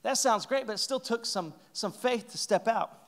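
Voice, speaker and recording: Man preaching a sermon, high pitched, animated storytelling, playful asides. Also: normal speed. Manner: animated storytelling, acting out characters' lines; joking asides with laughs. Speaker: pastor.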